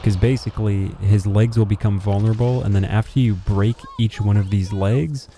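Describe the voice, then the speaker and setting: A young man giving a relaxed, rambling voice-over guide to a boss fight, full of fillers and restarts. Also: lowish voice, moderate pace. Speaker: gaming video host. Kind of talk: casual gameplay guide voice-over.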